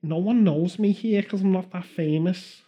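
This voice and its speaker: A man's voice: sits high, moderate pace, mellow. A man voicing a famous footballer who talks in a chatty, self-deprecating way about not being recognized. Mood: bemused.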